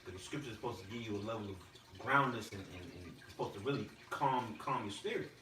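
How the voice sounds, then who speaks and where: Man, quick and lively, quotes scripture with slang; distant, roomy, noisy recording. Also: lowish voice. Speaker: discussion participant. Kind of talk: casual religious discussion. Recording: distant roomy mic with audible noise.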